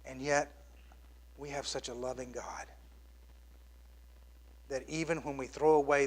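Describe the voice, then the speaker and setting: A middle-aged man preaching a sermon as pastor, swinging from loud exclamations down to hushed, near-whispered lines. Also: mid-range voice, fairly even intonation, measured pace, pauses often.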